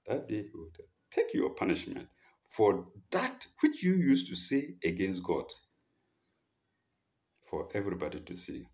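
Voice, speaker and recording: A man's voice: fairly low pitch, huge pitch swings, measured pace, darkish tone, roomy sound. A man preaching a sermon, reciting Arabic verses and explaining them in English with rhetorical questions. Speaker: Islamic preacher. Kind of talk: sermon teaching Quran verses.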